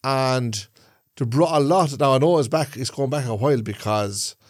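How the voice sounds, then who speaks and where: A man's voice: mid-range voice, moderate pace, dry recording, studio quality. A middle-aged man with an Irish Traveller accent, rambling in casual podcast chat and often checking that he is understood. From Ireland. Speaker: podcast co-host.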